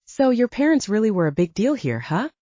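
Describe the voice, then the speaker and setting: A woman voicing a sweet, warm young woman assistant. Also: a little high, wildly swooping pitch, a little slow, slightly rough, dry recording, pitched above the performer's own voice, exaggerated voice. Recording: dull dry audiobook recording.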